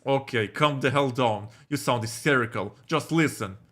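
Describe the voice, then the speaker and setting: A man's voice: mid-range voice, normal speed, fairly bright tone, natural voice. A man voicing a bossy, possessive adult man who gives curt orders and brushes off complaints. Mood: curt, dismissive. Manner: curt, commanding.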